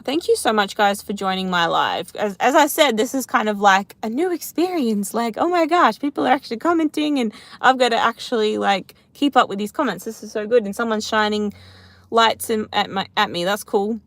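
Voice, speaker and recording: A woman's voice: a little high, animated, fairly quick, fairly bright tone, no room sound. A chatty woman in her thirties, answering viewer comments on a livestream. She rambles from one thought to the next, pokes fun at herself, and keeps an easygoing, conversational flow. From Australia. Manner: rambling, chatty, self-deprecating. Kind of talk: casual live Q&A chat.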